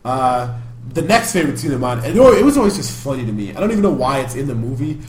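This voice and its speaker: A man's voice: mid-range voice, sing-song, quick pace. Chatty man recapping a movie, echoey room. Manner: rambling movie recap with acted quotes. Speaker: podcast co-host. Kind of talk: casual chat. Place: backup studio.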